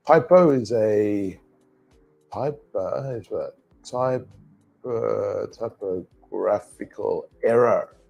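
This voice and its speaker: A male English teacher in a live online class, talking alone and repeating phrases for learners to copy. He speaks slowly in a low, mellow voice with a husky edge. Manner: slow, repeats phrases for pronunciation practice.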